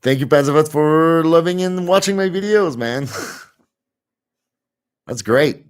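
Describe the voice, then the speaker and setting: Slow-talking man. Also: on the high side, clear, resonant tone. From Montreal, Canada. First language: French. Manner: chatty, answers viewer comments, laughs easily. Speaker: live-stream host. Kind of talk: casual live-stream chat.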